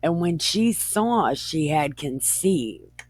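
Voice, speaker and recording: A woman's voice: low voice, animated, slow pace, darkish tone, breathy edge, no echo. A woman retelling scripture in an irreverent, profane, slangy way, often breaking into laughter. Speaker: comedic scripture reader.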